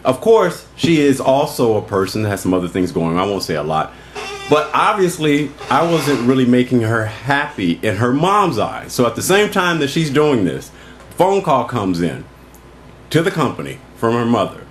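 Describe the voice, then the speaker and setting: A man's voice: mid-range voice, moderate pace, a little hiss or hum. A man co-hosting a morning talk show, telling stories with lots of laughter in casual banter. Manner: animated storyteller, laughs a lot.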